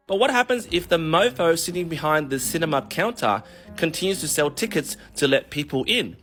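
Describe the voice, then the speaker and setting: A man who works as a mortgage broker, ranting in a profane, animated way on a casual vlog. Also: a little high, moderate pace, faint music behind.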